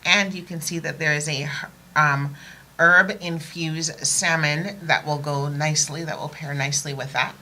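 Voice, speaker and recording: Woman, low-pitched, interview host, encouraging, faint room noise. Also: steady tone, a little slow, bright, forceful tone, low-quality recording. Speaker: talk show host.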